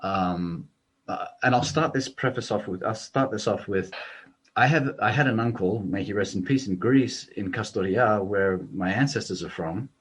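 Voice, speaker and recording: Australian man telling animated stories. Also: lowish voice, moderate pace. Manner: animated anecdotes with laughter. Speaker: comedian guest. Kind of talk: casual storytelling interview.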